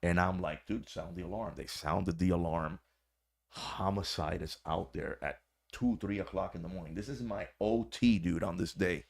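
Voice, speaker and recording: A man telling a story in a low voice with a gravelly, fry-laden edge. He is a podcast guest and former corrections officer. His talk is animated, slangy and full of swearing. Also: normal speed. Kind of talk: casual storytelling.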